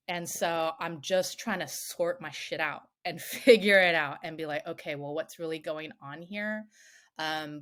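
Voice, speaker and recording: A woman, a self-defense coach on a podcast, tells a story in a lively, casual way, swearing freely and filling her speech with "like". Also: sits low. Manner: animated, swears freely, many "like" fillers.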